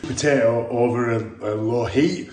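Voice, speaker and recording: A man's voice: mid-range voice, normal speed, a little mellow, faint music behind. A man, chatting to camera from his car in an upbeat, coach-like way. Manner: upbeat, motivational coaching talk. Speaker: vlogger and dad. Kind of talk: casual vlog chat to camera. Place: in a car on the school run.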